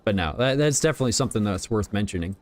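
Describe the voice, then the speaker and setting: A man chatting casually on a game livestream, rambling and relaxed as he talks to his viewers while playing. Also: fairly low pitch, racing, faint music behind. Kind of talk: casual gaming livestream chat.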